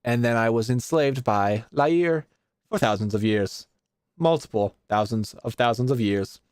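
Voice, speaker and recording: A man voicing an ancient female dragon scholar, speaking in a flat, unbothered way. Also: medium pitch, unhurried, clean tone, dry recording, studio quality, lightly acted. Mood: matter-of-fact.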